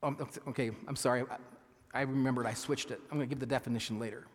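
A man preaching a sermon as pastor, earnest and halting, with frequent restarts, reading scripture slowly with emphasis. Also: medium pitch, steady tone. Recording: long hall reverb.

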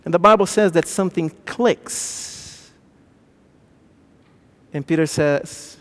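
High-voiced animated man preaching in a hall. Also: takes it slowly, long pauses. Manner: animated, swings from loud to hushed. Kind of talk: sermon. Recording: long hall reverb.

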